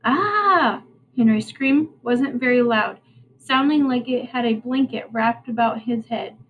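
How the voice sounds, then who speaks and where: A woman teacher reading a novel aloud to her class, unhurried and plain, with small slips and restarts. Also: a little high, fairly even intonation, narrow, tinny audio, a little hiss or hum.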